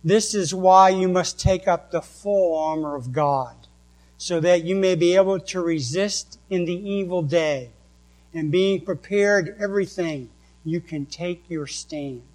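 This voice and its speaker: A man with a New England accent delivers a sermon, reading out verse after verse at an unhurried, deliberate pace. His voice sits a little high for a man. A faint electrical hum runs under the recording. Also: darkish tone, low-quality recording. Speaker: pastor.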